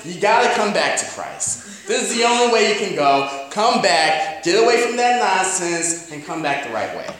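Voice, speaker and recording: Casting: a man putting on an exasperated New York-accented apostle. He is higher than his own voice and pleads and scolds loudly. Very echoey hall. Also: sing-song, normal speed, hardly any pauses. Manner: loud scolding pleas. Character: adult male apostle, exasperated, urging people back.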